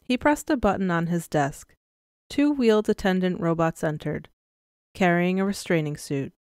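A woman narrating a science fiction story in an even, measured reading style. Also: lowish voice, clear, resonant tone, no echo, studio quality. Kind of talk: scripted audiobook narration.

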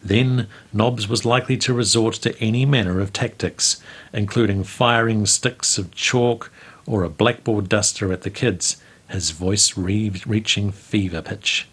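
A man, reading a memoir aloud in a measured, storytelling way as the show's host. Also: fairly low pitch, fairly even intonation, fairly bright tone, breathy edge. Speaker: host reading local history stories. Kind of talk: read-aloud memoir narration.

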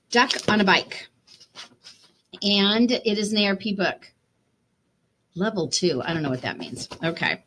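A woman's voice: medium pitch, a bit bright. A woman teacher reading a picture book aloud to children, chatty and encouraging, asking her listeners questions.

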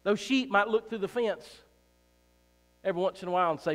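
High-voiced preacher in a reverberant hall. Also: male voice, a little fast, long pauses. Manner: emphatic, repeats phrases, swings between loud and soft; joking asides to the congregation. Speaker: pastor. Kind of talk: sermon. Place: church sanctuary.

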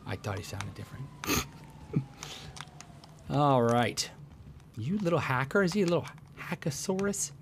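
A man rambles and jokes his way through gameplay commentary. His voice has a gravelly edge and swings lively in pitch. Game sounds play behind him. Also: measured pace, long pauses, noisy background. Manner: goofy, joking, rambling.

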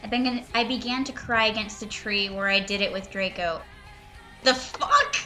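Over background music, a young woman gives a mocking, dramatic reading of fan fiction, going slowly and breaking into laughter and sarcastic asides as both reader and commentator. Her mid-range voice holds a steady tone.

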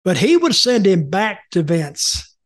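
Older man telling rambling stories, high-pitched. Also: big pitch swings, takes it slowly. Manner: rambling, repeats words and restarts, quotes people in dialogue. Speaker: host, wrestling storyteller. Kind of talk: casual storytelling chat.

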